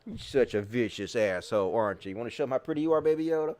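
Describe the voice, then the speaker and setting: A man's voice: medium pitch, expressive, racing, hardly any pauses, darkish tone. Sarcastic, profane male host. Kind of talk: live commentary show.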